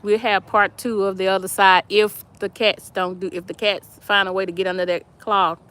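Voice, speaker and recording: A woman's voice: medium pitch, little pitch movement, moderate pace, a bit bright, clear, resonant tone. A middle-aged woman, chatting casually on a live stream from her yard and reading viewer comments aloud between laughs. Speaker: vlog host. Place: outdoors in a yard.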